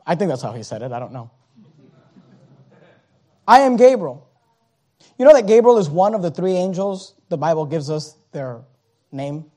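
A man preaching a sermon, acting out the scripture characters and swinging from hushed tones to shouting. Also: a little high, lively intonation, normal speed, long pauses. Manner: dramatic, acts out the scripture characters.

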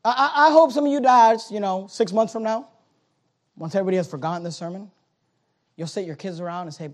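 A pastor delivers a sermon in church at a quick pace, moving between low, quiet passages and high, loud exhortation. He repeats phrases and stammers into restarts.

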